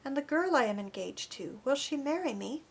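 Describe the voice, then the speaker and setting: Anxious young wounded clerk guy read by a woman, plaintive, on the high side. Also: animated, moderate pace. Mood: worried.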